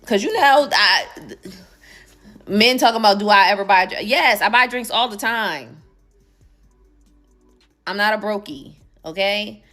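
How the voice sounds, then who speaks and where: A woman telling a dating story in an animated, emphatic way. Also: mid-range voice, unhurried, pauses often, soft background music. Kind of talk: storytime video.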